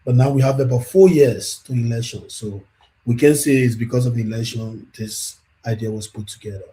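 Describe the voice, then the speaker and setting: A talk show host with a warm, mellow voice. He speaks at an easy mid pitch and asks conversational questions, often repeating a word and restarting as he searches for the phrasing. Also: steady tone, brisk, poor audio.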